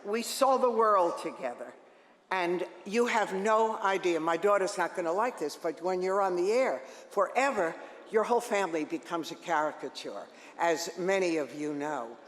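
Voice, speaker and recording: An older woman tells animated, joking stories to a crowd in a large hall. Her voice rings out with a long, roomy reverb. She speaks as a seasoned radio host recalling her career. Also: on the low side, normal speed. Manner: lively, joking, animated storytelling. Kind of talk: storytelling talk to an audience.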